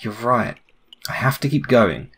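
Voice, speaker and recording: A man's voice: mid-range voice, lively intonation, unhurried, fairly bright tone, a little hiss or hum. A young man doing let's play commentary on a game, asking puzzled running questions and reading the characters' lines aloud. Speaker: gaming YouTuber.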